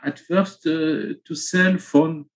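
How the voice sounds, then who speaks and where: Hesitant French man, higher voice. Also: fairly even intonation, rough recording. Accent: French, Marseille. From south of France. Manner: hesitant, halting English with many fillers. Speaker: guest, online seller. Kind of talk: casual interview in English.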